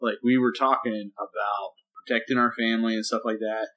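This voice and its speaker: A man co-hosting a casual podcast, a preacher who tells stories animatedly and turns loud and emphatic when reliving an argument. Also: fairly low pitch, level tone, a little fast. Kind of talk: casual chat.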